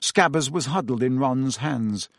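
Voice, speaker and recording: A man's voice: medium pitch, animated, a little slow, no room sound. Man narrating a storybook in a dry, close voice. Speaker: audiobook narrator. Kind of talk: scripted narration.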